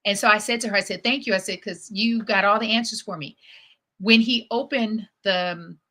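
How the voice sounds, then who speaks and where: A woman hosting her own livestream, telling personal stories in a chatty, lively way and acting out what people said. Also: medium pitch, moderate pace. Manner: chatty, lively storyteller who acts out quotes. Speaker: host. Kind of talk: casual storytelling livestream.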